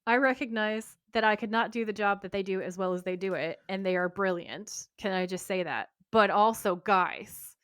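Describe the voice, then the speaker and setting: A woman co-hosting a podcast, recapping a TV episode in casual, animated chat and swearing freely. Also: mid-range voice, normal speed, few pauses, clean tone, no room sound, clean studio sound. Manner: animated, swearing, laughing storyteller. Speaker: podcast co-host.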